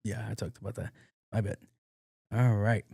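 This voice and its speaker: A young man hosting a podcast, retelling a road-rage story in a profane, animated way with acted-out quotes. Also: lowish voice, moderate pace, vocal fry, slightly rough, dry recording, studio quality. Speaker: podcast host. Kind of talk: casual solo storytelling.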